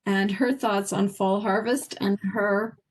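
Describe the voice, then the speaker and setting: A woman chairing a club meeting over a video call, friendly and brisk. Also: mid-range voice, fairly even intonation.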